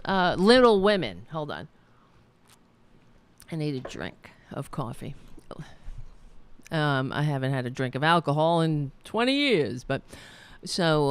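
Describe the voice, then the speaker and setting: Blunt, slow-talking woman host. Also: low-pitched, clear, resonant tone, no echo. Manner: blunt, swears freely, rambling with restarts. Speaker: podcast host. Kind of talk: casual opinion talk.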